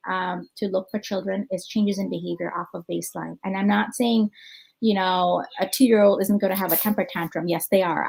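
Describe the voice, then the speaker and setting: A chatty American clinical psychologist answers conference questions on a call, thinking aloud with many ums and you-knows. Her mid-range voice is creaky and husky, and the audio is poor.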